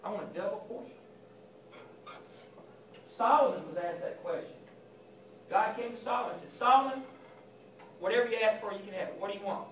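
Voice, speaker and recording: A man's voice: sits high, fairly quick, long pauses, a little hiss or hum. A man giving an informal chapel sermon to school students, talking conversationally and acting out Bible scenes in quoted voices. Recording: echoey chapel from far off.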